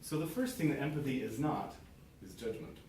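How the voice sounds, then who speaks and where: A man's voice: mid-range voice, expressive, a little fast, a little mellow, slight background noise. A man giving a prepared speech to a small club audience, earnest, acting out short example dialogues. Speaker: club speaker. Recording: very echoey room, mic far off.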